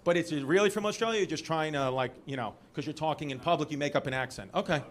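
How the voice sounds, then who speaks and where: A man with a New York accent doing stand-up crowd work, telling loud, rowdy stories with shouted impressions. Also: fairly high pitch, fast. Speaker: stand-up comedian. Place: comedy club stage. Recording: live club recording with noisy crowd. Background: crowd laughter.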